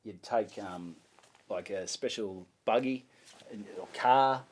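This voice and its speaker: An Australian man spins a story in loose, relaxed chat, with salty language throughout. He keeps jumping into the voices of the people he describes, so his telling stays lively. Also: on the low side, slow. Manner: animated, swearing, acts out voices in his stories. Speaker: comedian guest.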